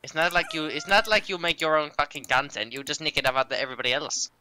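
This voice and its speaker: A man's voice: fairly high pitch, quick pace, pushed and bright, a little hiss or hum. A tired British man streaming, ranting and swearing nonstop in a put-on German accent. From Britain. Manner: ranting, swearing in nearly every sentence. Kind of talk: casual stream banter.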